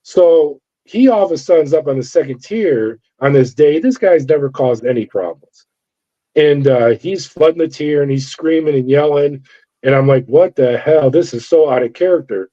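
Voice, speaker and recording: A man's voice: fairly high pitch, normal speed, warm tone. Big-voiced storyteller man, acting out dialogue. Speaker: former corrections officer. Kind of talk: storytelling interview. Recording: dull lo-fi sound.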